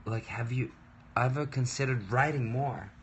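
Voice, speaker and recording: A man's voice: mid-range voice, moderate pace, lo-fi sound, a little hiss or hum. A man in his thirties chatting casually on a livestream from his home work desk, rambling and interrupting himself in a playful way. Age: 30s. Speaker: musician livestreaming.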